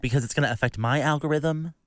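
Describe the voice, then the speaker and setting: A man's voice: fairly high pitch, fast, dry recording, studio quality. A man co-hosting a podcast in casual chat, making wry, teasing remarks. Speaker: podcast co-host.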